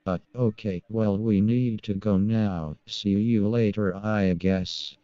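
A man's voice: on the low side, fairly even intonation, slow pace, no echo. A synthetic male voice playing a laid-back young slacker in a parody cartoon clip, lo-fi. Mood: deadpan. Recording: dull lo-fi clip.

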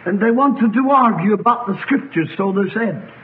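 A man, a pastor, preaching a sermon to a congregation, swinging between loud cries and quiet low asides. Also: lively intonation, normal speed. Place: church congregation. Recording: tinny lo-fi archive sermon recording with faint noise.

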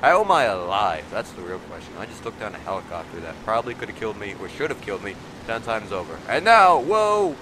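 A teenage boy with a nasal, stuffy voice from allergies, giving excitable let's play commentary and yelping at sudden moments. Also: quick pace, few pauses, noisy background. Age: teens. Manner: excitable, yelps and shouts in sudden pitch jumps. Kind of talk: casual gameplay commentary. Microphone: desk mic resting on a table.

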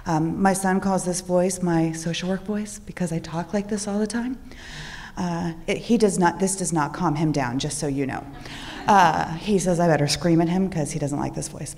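A woman speaking as a social worker on a panel, in a calm, soft, steady voice. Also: lowish voice, normal speed, big-room sound. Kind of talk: panel talk.

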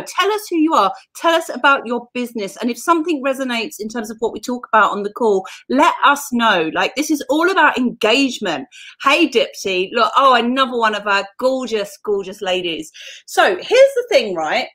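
A woman's voice: a little high, fairly bright tone. A woman from southern England hosting a casual live-stream chat, chatty and enthusiastic with casual swearing. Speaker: host.

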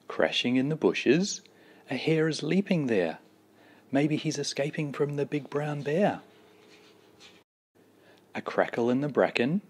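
A man reading a children's picture book aloud in a slow, deliberate, expressive storytelling manner. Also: medium pitch, husky. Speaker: storybook reader.

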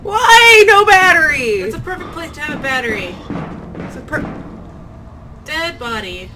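A woman's voice: high-pitched, animated, moderate pace, music in the background, rough recording. A woman hosting a horror game let's play, muttering to herself and breaking into frightened exclamations. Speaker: gaming channel host.

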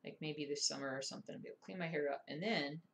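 Low gravelly woman muttering as she stitches. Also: fast, a little hiss or hum. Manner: mutters and whispers to herself while working. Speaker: cross-stitch vlogger. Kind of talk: casual stitch-along chat.

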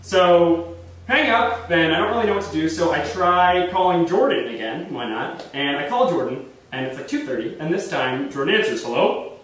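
A young man tells a comic story on stage, his voice lively and rising high. He is chatty and animated, and the sound is echoey and distant with a faint room hum behind him. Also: moderate pace. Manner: animated, chatty, full of fillers and restarts. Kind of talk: live comedic storytelling. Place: theater stage. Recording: echoey live stage recording from far off.

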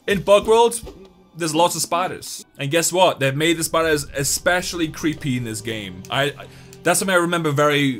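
A young man giving excitable, joking let's-play commentary while he talks to the game. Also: medium pitch. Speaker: gaming YouTuber.

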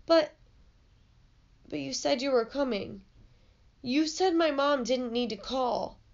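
A woman's voice: sits high, takes it slowly, creaky, voice pushed up, full character voice. A woman voicing a hurt young boy pleading with his friend, read from a storybook in a slightly muffled recording.

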